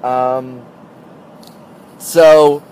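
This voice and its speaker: A man's voice: medium pitch, fairly even intonation, very slow, a little mellow, slight background noise. A man telling a story in a casual, rambling monologue, full of "like" and "uh", recorded on a phone. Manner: rambling, heavy use of "like" and "uh".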